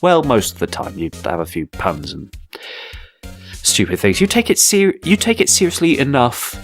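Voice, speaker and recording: A man's voice: medium pitch, wildly swooping pitch, normal speed, faint music behind. Rambling man commentating a game. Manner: rambling, self-deprecating asides. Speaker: let's play host.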